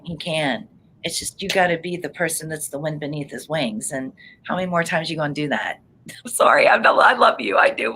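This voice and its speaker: A woman's voice: fairly low pitch, fairly bright tone, rough recording. A woman doing a live psychic reading, chatty and emotional, laughing often. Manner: chatty, effusive, frequent laughter; earnest and emotional.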